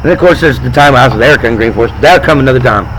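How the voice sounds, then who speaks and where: A man's voice: medium pitch, fairly bright tone, a little hiss or hum, poor audio. A man telling crude stories in rowdy casual chat as a podcast co-host. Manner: crude, rowdy, quick storytelling.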